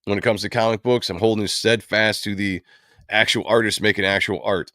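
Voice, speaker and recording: Man, very low voice, casual livestream host, rambling delivery, dry recording. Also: steady tone, brisk, sharp tone, dry recording. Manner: rambling and chatty, with many fillers. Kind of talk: casual commentary on comic book films.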